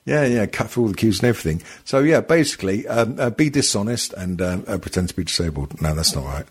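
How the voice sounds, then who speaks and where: A man with a husky voice hosts a loose, rambling comedy podcast. He swears freely and laughs often, and his pitch swings up and down with a lot of life. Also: animated, fast talker. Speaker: podcast host. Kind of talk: casual comedy podcast chat.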